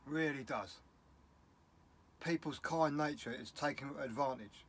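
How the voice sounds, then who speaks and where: A man's voice: medium pitch, a little slow, pauses often, husky. A middle-aged man with a British English accent, talking in a casual vlog, upset and rambling bluntly. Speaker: vlogger.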